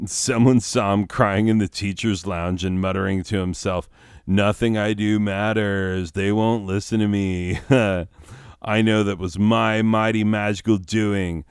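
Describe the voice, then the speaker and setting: A man's voice: lowish voice, clear, resonant tone, no echo, studio quality. A man playing a petty, boastful teenage boy witch in a comedic character monologue, rambling with lots of fillers.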